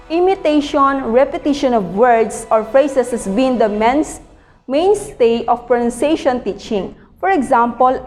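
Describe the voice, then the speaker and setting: A woman reading a textbook aloud as a lecture, in a careful, measured way with the odd slip. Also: fairly high pitch, a little mellow, long reverb tail. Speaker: teacher presenting a reading.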